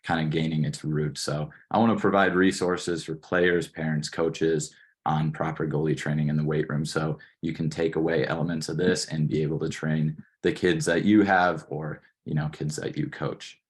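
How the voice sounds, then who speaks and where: Young guy from wisconsin, deep low voice, kinda husky, explaining a workout plan over a webinar. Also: normal speed. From Wisconsin, USA. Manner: steady instructional, frequent "you know" and "uh". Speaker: strength and conditioning coach presenting. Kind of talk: online presentation.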